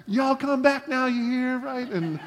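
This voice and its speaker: A man putting on a high Southern drawl to voice a folksy, country-talking Jesus. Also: measured pace, big-room sound.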